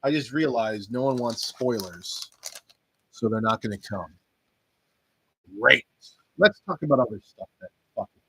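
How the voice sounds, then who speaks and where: Rambling man with a husky voice. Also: mid-range voice, lively intonation, a little slow, long pauses, sharp tone, no room sound, rough recording. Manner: loose, rambling, swearing and joking. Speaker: podcast host reacting to wrestling results. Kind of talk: rambling casual commentary.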